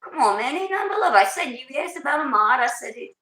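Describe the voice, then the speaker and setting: A woman with a New Jersey accent hosting a casual livestream, loud, big-voiced and hyped, talking straight from emotion. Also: sits high, animated, fast, reverberant, a little hiss or hum, poor audio. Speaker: livestream host.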